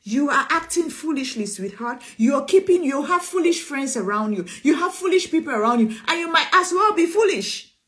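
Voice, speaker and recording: A woman's voice: high-pitched, animated, normal speed, fairly bright tone. A woman preacher, preaching an emphatic sermon, repeating phrases and calling listeners sweetheart.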